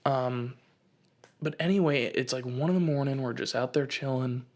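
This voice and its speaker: Young American host, gravelly voice, rambling comedic storyteller. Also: male voice, medium pitch, normal speed, a little mellow. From United States. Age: 20s. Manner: rambling storytelling, lots of fillers. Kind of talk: casual comedic rant.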